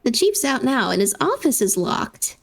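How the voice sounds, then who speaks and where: A woman's voice: high voice, very animated, normal speed, creaky, a little hiss or hum, exaggerated voice. A woman reading aloud for an eager young female assistant, polite and coaxing. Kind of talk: reading game dialogue aloud.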